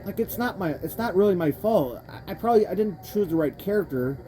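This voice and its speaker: Young woman, gaming commentary, angry profane rant, mellow tone, lively swinging pitch, faint music behind. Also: brisk. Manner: frustrated, rambling self-interrupting talk. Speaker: gamer playing a kart racing game. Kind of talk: let's play commentary. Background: faint game music.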